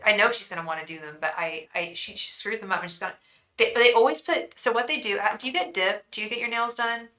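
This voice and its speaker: Woman tarot reader, rambling and chatty, crisp bright tone, talking straight to viewers on a livestream. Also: mid-range voice, fast, low-quality recording. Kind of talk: casual livestream chat.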